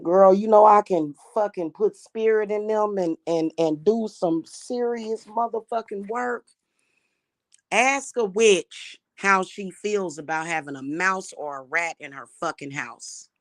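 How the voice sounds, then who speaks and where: A woman's voice: medium pitch, unhurried, no echo. A woman talking casually to camera, brash and profane, about witchcraft and spirit work. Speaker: spiritual reader and vlogger.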